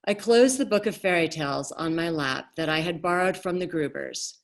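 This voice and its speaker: A woman author reading her novel aloud in a measured, expressive way over a video call. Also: on the low side.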